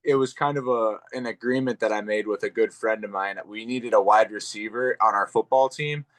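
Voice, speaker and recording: Young male fighter guest, relaxed and rambling, slightly low voice. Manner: laid-back, rambling, drawn-out fillers. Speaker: professional MMA fighter, guest. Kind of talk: casual interview.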